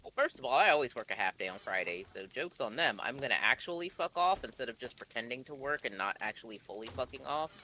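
A man's voice: mid-range voice, lively intonation, fast, few pauses, bright, forceful tone. A laid-back man chatting and swearing casually while playing a co-op game with a friend. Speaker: gamer. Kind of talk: casual co-op gaming chat.

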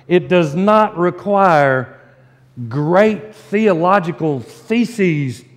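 A man, preaching a sermon as pastor and telling folksy stories with slow, emphatic delivery. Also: high voice. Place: church sanctuary. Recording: long church reverb.

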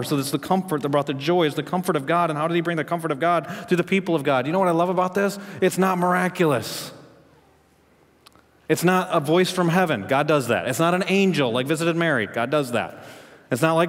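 A man preaching a sermon as pastor, telling a story and asking the congregation questions, rising in pitch and volume to make his points. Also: in a large hall.

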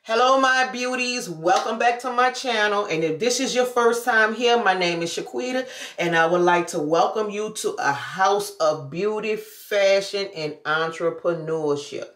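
Lady in her 50s chatting to her channel, mid pitch, roomy echo, loose slang. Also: measured pace, fairly bright tone. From New Orleans. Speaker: vlogger. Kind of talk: casual vlog talk. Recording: echoey room.

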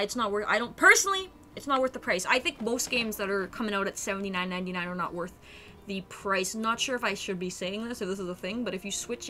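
A woman's voice: medium pitch, bright, forceful tone. A young adult woman streaming a game, chatting casually and animatedly with her viewers and laughing often.

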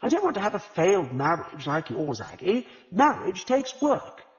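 A man reading the lines of a pompous, self-satisfied gentleman, talking evasively. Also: on the high side, huge pitch swings, a little fast, pitched above the performer's own voice. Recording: reverberant, slightly dull audiobook recording.

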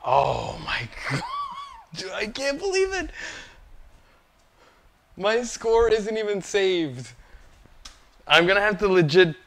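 A man streams his pinball game live and reacts in disbelief, laughing often and cursing casually. His pitch leaps all over the place, while his words come slowly and loosely. He sounds like he is chatting to viewers. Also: creaky. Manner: excitable, incredulous, laughs often; swears casually.

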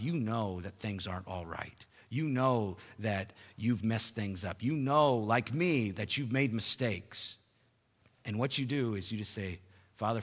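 Pastor preaching in a reverberant sanctuary. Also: male voice, husky. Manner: rises in pitch and volume for emphasis, then drops soft and slow. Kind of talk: sermon. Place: church sanctuary. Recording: long hall reverb.

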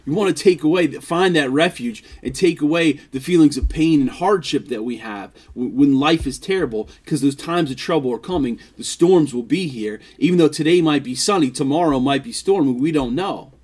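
A man's voice: fairly high pitch, moderate pace, few pauses, a little mellow. A man preaching a devotional sermon as pastor, earnest, often repeating and restarting phrases.

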